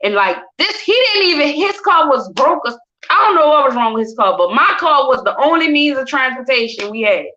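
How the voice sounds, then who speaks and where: Bright-voiced woman telling her story. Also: high voice, fairly quick. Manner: animated, acts out quotes in different voices. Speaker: guest sharing her story. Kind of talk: emotional personal storytelling. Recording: dull lo-fi recording.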